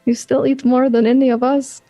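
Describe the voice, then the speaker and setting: A woman's voice: sits high, flat delivery, brisk, dark tone, faint music behind. A woman playing her character in a tabletop game, teasing and giggly in tone. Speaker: player voicing her character. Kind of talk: in-character tabletop role-play.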